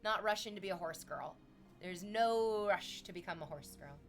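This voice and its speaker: At a normal speed with faint music behind her, this Canadian streamer talks casually with her audience. She laughs frequently and stays animated, switching to excited high-pitched shrieks for quoted lines.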